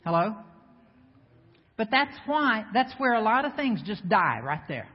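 Woman, preacher, lively sermon, banters with the congregation, long church echo, slightly muffled sound. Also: on the high side, unhurried, husky. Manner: lively, banters with the congregation, asks rhetorical questions. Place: church sanctuary before a congregation. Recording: echoey hall, slightly dull sound.

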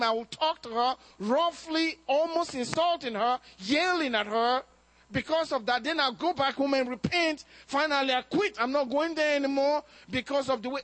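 A man's voice: extremely high pitch, fairly bright tone, no echo. A man preaching a sermon, telling a personal story with acted-out quotes and laughs. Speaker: pastor.

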